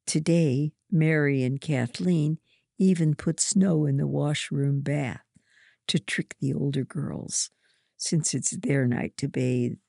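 A narrator reading a first-person story aloud in a slow, measured way. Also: medium pitch, steady tone, creaky, mellow, no room sound, studio quality.

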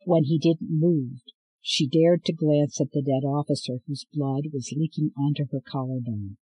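A man reading an audiobook as narrator in a steady, measured way. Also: a little high, husky, dry recording, low-quality recording. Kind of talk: scripted narration.

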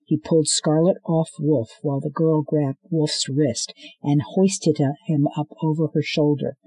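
A man narrating an audiobook in a steady storytelling manner, lifting into voices for the dialogue. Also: on the high side, measured pace, husky, dry recording, rough recording. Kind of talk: scripted narration.

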